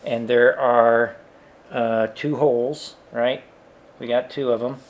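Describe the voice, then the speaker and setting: A man talks through a calculation step by step in a slow, unhurried way. His pitch sits in the middle range, and he pauses often with fillers as he works things out aloud. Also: steady tone. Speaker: engineering instructor. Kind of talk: worked example lecture.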